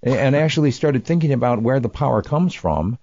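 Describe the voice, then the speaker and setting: A man's voice: medium pitch, expressive, warm tone, dry recording. Man hosting a talk radio show. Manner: halting, restarts, rhetorical questions. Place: radio studio. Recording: slightly dull radio studio audio.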